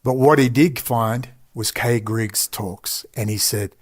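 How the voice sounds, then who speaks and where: A man's voice: mid-range voice, takes it slowly. A middle-aged man with an Australian accent, telling a long personal story with emphatic asides and frequent digressions. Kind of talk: rambling personal storytelling monologue.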